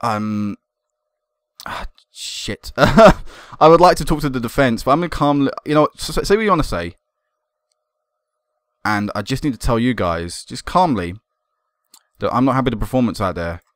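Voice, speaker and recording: A young man commentating on a football management game, excitable and swearing when it goes wrong. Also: medium pitch, a little fast, no echo. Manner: excitable, swearing and laughing at goals. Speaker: gaming commentator.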